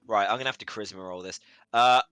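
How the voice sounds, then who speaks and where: A man's voice: on the low side, fast talker, fairly bright tone, clear, resonant tone, dry recording. A man playing in a tabletop game, jokey and blunt in casual chat. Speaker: player.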